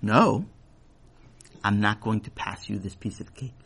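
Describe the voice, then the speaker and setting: A man voicing a serious, principled young boy in a children's story, who refuses in a quiet, firm way. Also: on the low side, lively intonation, unhurried, gravelly, breathy edge, voice pushed down, full character voice.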